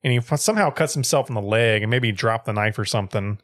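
A man's voice: on the low side, fast, fairly bright tone. A young man co-hosting a casual podcast, retelling a story with lots of swearing and acted-out quotes.

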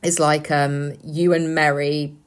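Brief: young female co-host, lower-pitched, chatty and crude, filler-heavy. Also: level tone, slow. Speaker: podcast co-host. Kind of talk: casual chat.

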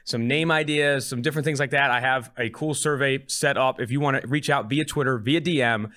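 A man's voice: mid-range voice, fairly quick. A man in his twenties hosting a podcast, chatting casually and telling stories with jokey energy. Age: 20s. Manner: animated storytelling, jokey. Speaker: podcast host.

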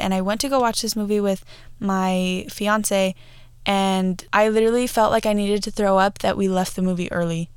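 A woman's voice: mid-range voice, steady tone, a little fast, clean tone, no room sound, studio quality. A young woman in her twenties hosting a podcast, chatting casually about movies with many fillers and restarts. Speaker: podcast host. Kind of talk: casual movie review chat.

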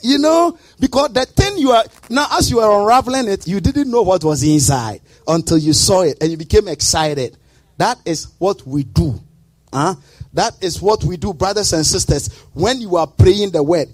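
High, animated preaching man. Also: normal speed, breathy edge, no echo, clean studio sound. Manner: emphatic preaching with sudden shouts; sing-song, rhythmic delivery. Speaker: pastor. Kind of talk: sermon.

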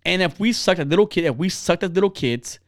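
A man in his thirties talks bluntly and swears freely, his fairly high voice swinging up and down as he acts out the people in his stories. The recording is close and dry, with no room sound. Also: fast, no echo. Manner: blunt, profane, animated storytelling; acts out quoted people with big pitch jumps. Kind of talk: casual chat.

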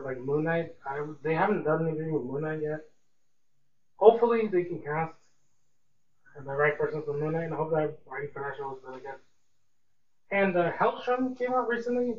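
A young man hosting a casual solo podcast, rambling and repeating words like "really" and "man". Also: on the high side. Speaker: podcast host. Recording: echoey room, distant mic, dull lo-fi sound, faint hiss.

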